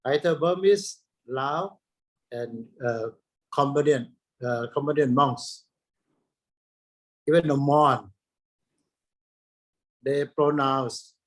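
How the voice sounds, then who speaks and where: A man with a Thai accent, a Buddhist monk who chants Pali verses and then lectures slowly over a video call, pausing often. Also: medium pitch. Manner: slow and deliberate, with many pauses and fillers.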